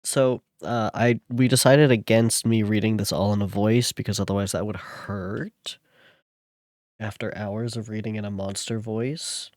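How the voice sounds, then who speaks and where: A young man streaming, chatting casually with viewers and reading a novel aloud in a relaxed way. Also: on the low side, unhurried, no echo, studio quality. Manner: relaxed, chatting with viewers between read passages.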